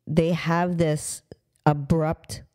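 Woman co-host, warm mellow tone, easygoing playful banter. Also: sits low, level tone, extremely slow. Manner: laughing, playful back-and-forth. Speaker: podcast co-host. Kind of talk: casual podcast chat.

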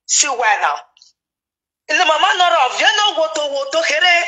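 Excitable Nigerian woman spilling gossip. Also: high-pitched, moderate pace, low-quality recording. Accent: Nigerian Pidgin. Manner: animated, repetitive, excitable. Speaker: gossip commentator. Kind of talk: casual gossip chat.

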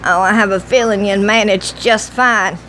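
A woman reader voicing a calm, kindly, gently wry older man in an audiobook. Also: medium pitch, moderate pace, a little hiss or hum, natural voice, poor audio.

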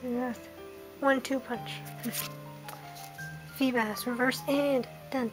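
A young British woman with a high, light voice talks slowly through a card unboxing. She reads out each card in a soft running list and breaks into small excited reactions at the good pulls. Music plays clearly underneath her. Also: rough recording. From United Kingdom. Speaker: card-opening vlogger. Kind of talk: casual card-opening commentary.

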